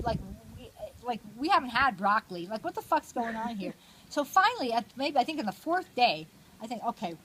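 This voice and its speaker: Brief: older woman, rambling foul-mouthed storyteller, lively swoops in pitch, noisy home recording. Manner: rambling, profane, laughing often. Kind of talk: casual anecdote.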